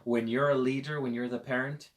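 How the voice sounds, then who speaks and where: A man teaching a parenting lecture on a Quran verse, telling stories with lively swings between loud emphasis and quiet asides, and speaking directly to parents. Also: medium pitch, fairly quick. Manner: conversational, addresses parents directly. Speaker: Islamic teacher.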